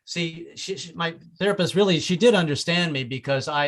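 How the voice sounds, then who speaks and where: A man doing an open mic stand-up set, stammering and repeating words, often breaking into loud voices for his relatives. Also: fairly high pitch, fairly even intonation, normal speed. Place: small comedy club with audience.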